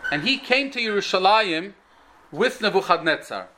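A man's voice: high voice, lively intonation, moderate pace, pushed and bright, a little hiss or hum. A man with an Orthodox Jewish English accent giving a Torah lecture, telling a story and rising to emphatic peaks. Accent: Orthodox Jewish English with Yiddish and Hebrew words. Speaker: rabbi giving a talk.

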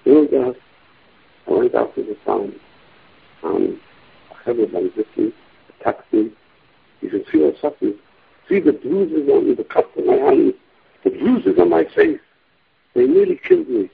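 A man's voice: mid-range voice, sing-song, normal speed, vocal fry, long pauses, breathy edge, pitched below the performer's own voice, heavily acted. A man voicing a pleading wronged young man. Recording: dull lo-fi recording.

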